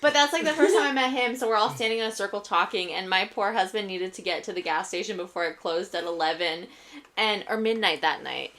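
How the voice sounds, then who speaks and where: A woman's voice: mid-range voice, fairly quick, a bit bright. A woman in her thirties from Michigan's Upper Peninsula, co-hosting a casual podcast and telling rambling stories. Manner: chatty, rambling storyteller. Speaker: podcast co-host. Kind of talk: casual chat. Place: small home studio room.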